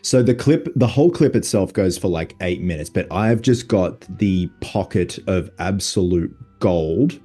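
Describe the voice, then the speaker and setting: A man's voice: sits low, lively intonation, warm tone, soft background music. A man hosting a podcast in casual, enthusiastic chat about films. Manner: quick, chatty, enthusiastic fan talk. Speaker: podcast host.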